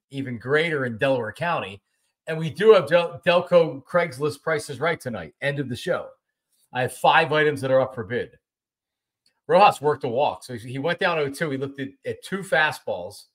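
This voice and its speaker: A man's voice: medium pitch, a bit bright. A middle-aged man hosting a casual sports talk show, rambling, complaining and swearing casually.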